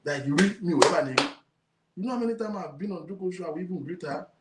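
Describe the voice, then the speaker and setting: A man's voice: high voice, rapid-fire, heavy background noise. A man with a Nigerian accent hosting his own talk show, ranting emphatically to viewers and repeating his points. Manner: emphatic, indignant, repeats himself, mixes in Yoruba. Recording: roomy echo.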